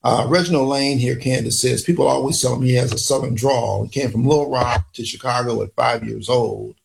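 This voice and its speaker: A man's voice: mid-range voice, a little fast, creaky, a little hiss or hum, rough recording. A man from northern Louisiana co-hosting a morning talk radio show, chatting casually from a studio microphone.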